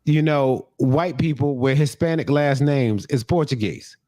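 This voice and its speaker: A young man co-hosts a comedy podcast, speaking in an unhurried, medium-pitched voice and talking casually with profanity. He jokes around and slips into loud mock rants. The clean studio sound has no room noise.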